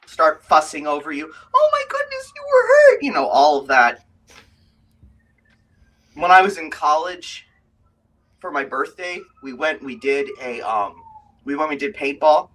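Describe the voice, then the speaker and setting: A man running a tabletop game as game master, a lively storyteller who tells the story, explains the rules and tells anecdotes. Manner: lively storyteller, quick shifts into high put-on voices. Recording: voice from a distance.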